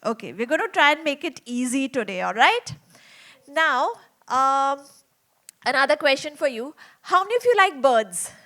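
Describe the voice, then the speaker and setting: A woman's voice: high voice, big pitch swings, moderate pace, pushed and bright. A woman telling a story to young children in a small theater, chatty and asking them lots of questions.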